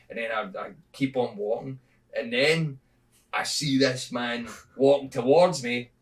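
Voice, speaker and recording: A Scottish man tells a shaggy-dog joke on a podcast in a rambling, swearing, chatty way. His voice sits at an ordinary middle pitch and sounds slightly distant from the microphone. It is loose, unscripted comedy talk. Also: fairly even intonation, unhurried. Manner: rambling storyteller, swears freely, bursts into laughter. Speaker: comedian guest. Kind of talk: casual podcast chat.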